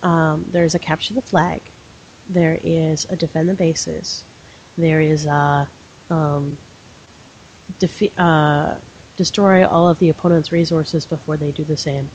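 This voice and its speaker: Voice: mid-range voice, little pitch movement, slow, a little mellow. Co-host explaining games on a hissy mic. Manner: explains game mechanics step by step. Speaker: podcast co-host. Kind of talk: casual gaming podcast chat. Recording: dull lo-fi mic with faint hiss.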